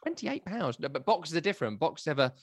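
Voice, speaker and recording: A man hosting a football chat show, talking in a wry, animated way that swings between loud and quiet. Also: on the high side, a little fast, no room sound, studio quality. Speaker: podcast host. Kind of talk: casual chat.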